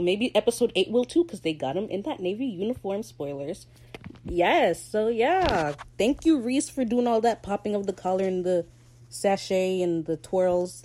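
A woman's voice: mid-range voice, dark tone. A woman hosting a podcast, recapping a TV episode in slangy, opinionated casual chat and laughing easily. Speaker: podcast host.

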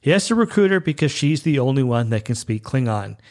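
A man's voice: mid-range voice, very animated, a little fast, darkish tone. A man giving casual fan commentary, ranting passionately and with exasperation.

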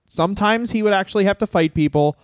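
Man, podcast co-host, rambling, jokey, slightly high voice, dry close sound. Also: fast, dry recording. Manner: rambling, joking, slips into silly accents. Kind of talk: casual comedic chat.

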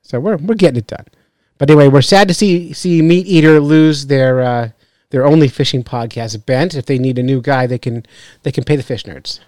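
A man hosts a podcast in a loose, rambling style, cracking jokes and laughing between thoughts. His voice sits at an ordinary middle pitch. The sound is dry and close, with no room around it. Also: moderate pace, dark tone, no echo. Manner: joking, rambling, laughs often. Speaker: podcast host. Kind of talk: casual chat.

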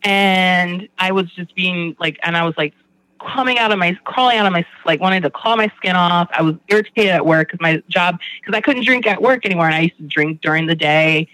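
A man with a bright, forceful voice, a little higher than most, talks through his story in a rambling, candid way. The sound is dry and close, with no room around it. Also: fairly quick, no echo, rough recording. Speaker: guest in recovery. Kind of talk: candid conversation.

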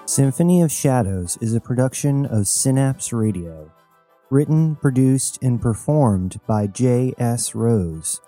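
A man narrating an audio drama in an even, measured storytelling manner. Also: medium pitch, faint music behind. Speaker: narrator and sole performer.

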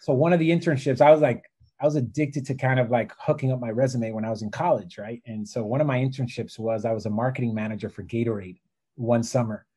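A man telling stories in a casual podcast chat, animated and fond of saying "literally" and "right?". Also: mid-range voice, fast talker, breathy edge. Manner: animated storyteller, says "literally" and "right?" often. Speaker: podcast guest.

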